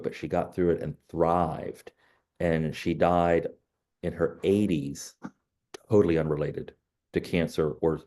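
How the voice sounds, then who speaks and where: A man's voice: very deep voice, mellow. A middle-aged man, a realtor, giving a training talk in a conversational way, filled with "you know" and stories.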